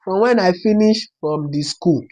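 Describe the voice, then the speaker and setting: Here the vlogger's mid-range voice carries a darkish tone at a normal pace. It's a young adult from Nigeria with a Yoruba-flavored accent, spinning a personal tale in a laid-back, dramatic style full of repeated lines.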